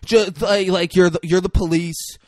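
A man in casual podcast chat, retelling a film scene with animated, loud impressions and lots of swearing. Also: high voice, normal speed, dry recording, clean studio sound. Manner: animated, acts out quotes loudly, swears a lot.

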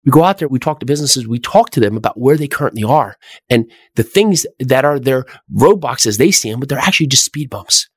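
A middle-aged man hosts a motivational podcast with a mid-range voice. He drives his points home with energetic repetition and rhetorical questions. The sound is dry and close, with little room echo. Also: mid-range voice, brisk, slightly rough. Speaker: podcast host.

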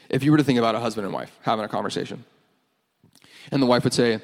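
A pastor preaching a sermon in earnest, with playful asides, in a church. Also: male voice, mid-range voice, fairly even intonation, fast, gravelly. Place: church hall with band. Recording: long hall reverb, faint music.

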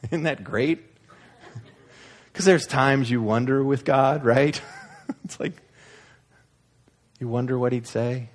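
A man preaching a sermon, retelling a story in an animated, humorous, conversational way. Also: medium pitch, slow, pauses often. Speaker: pastor.

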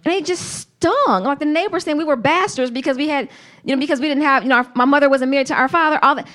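A woman preaching a sermon to a congregation, earnest and emphatic, with slow, deliberate phrasing. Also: high-pitched, bright, forceful tone.

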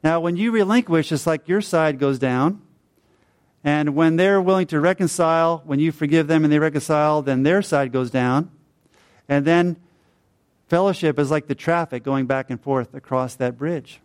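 Middle-aged male preacher, slightly high voice, chatty storytelling sermon delivery. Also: normal speed, clear, resonant tone. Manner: conversational storytelling with fillers and tag questions.

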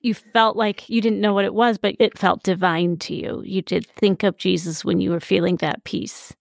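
A woman hosting a faith podcast, gently summarizing her guest's story and prompting questions. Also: medium pitch, level tone, moderate pace, gravelly, dry recording, studio quality. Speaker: podcast host. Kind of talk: interviewing a guest.

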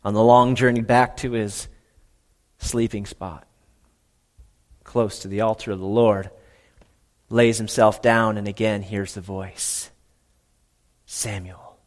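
A male pastor preaching a sermon, telling the story dramatically with big swings between loud and hushed. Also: on the low side, level tone, measured pace, pauses often.

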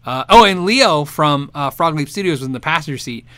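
A man hosting a casual livestream, reading viewer questions and answering with lively, rambling chatter and frequent laughs. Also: a little high, fairly quick, no echo. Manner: animated, laughs often, rambling restarts.

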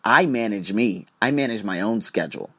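Animated, profane male podcast host. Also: lowish voice, moderate pace, husky. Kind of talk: casual monologue podcast.

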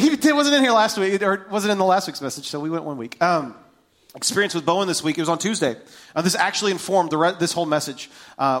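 A middle-aged man, a pastor, preaching a sermon and telling a family story, swinging between hushed and loud. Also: a little high.

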